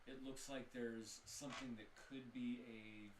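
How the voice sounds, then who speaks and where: A man's voice: mid-range voice, steady tone, a little slow, a crowd in the background. A man narrating a tabletop game as game master, describing scenes with frequent fillers. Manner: descriptive, with many fillers and restarts. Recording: echoey room, mic at a distance, faint noise.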